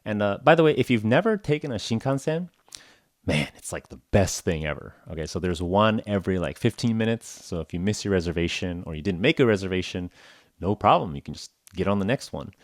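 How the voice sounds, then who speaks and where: A man's voice: low voice, lively intonation, a little fast, no echo, studio quality. A man hosting a casual English-learning podcast, talking in a rambling, jokey way full of "like" and "uh". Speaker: podcast host.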